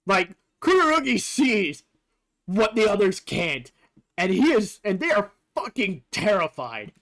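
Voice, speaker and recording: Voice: medium pitch, sing-song, unhurried. A streamer casually commenting over gameplay while comparing translations, thinking aloud with fillers and the odd swear word.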